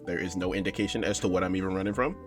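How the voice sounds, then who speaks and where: A man's voice: sits low, fairly even intonation, rapid-fire, faint music behind. A man casually commentating a horror game for his channel, rambling and joking with his viewers. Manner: rambling, joking, talks to viewers as "bro" and "y'all". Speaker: gaming YouTuber. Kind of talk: casual let's-play commentary.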